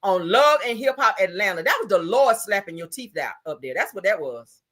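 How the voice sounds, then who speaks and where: Sassy, lively gossip host woman. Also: medium pitch, a little fast. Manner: loud laughing reactions, sassy exclamations. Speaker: commentary channel host. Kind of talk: casual gossip commentary.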